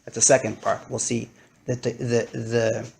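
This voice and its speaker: A man lecturing to a live audience, animated and acting out his stories with big swings in his voice. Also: medium pitch, moderate pace, gravelly, a little hiss or hum.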